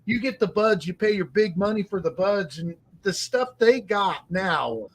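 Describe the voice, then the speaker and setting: A man's voice: high-pitched, lively intonation, normal speed. A man telling folksy, joking stories in casual chat with friends in a garage. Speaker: host of garage hangout. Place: home garage.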